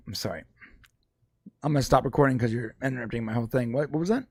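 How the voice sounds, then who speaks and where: A man's voice: medium pitch, fast talker, breathy edge, no echo, studio quality. A young man co-hosting a casual political podcast, sarcastic and mocking, rambling as he talks. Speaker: podcast co-host.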